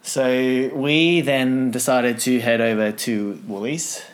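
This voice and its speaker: A man's voice: medium pitch, fairly even intonation. Joking man, medium voice. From Australia. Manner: joking banter, quick affirmations. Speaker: podcast co-host. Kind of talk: casual chat.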